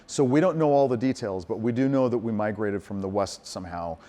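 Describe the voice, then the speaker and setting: A middle-aged man, a composer giving a lecture, telling stories in a lively, animated way, acting out quotes and restarting his sentences. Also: fairly low pitch, fairly quick. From United States. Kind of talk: lecture with audience Q&A.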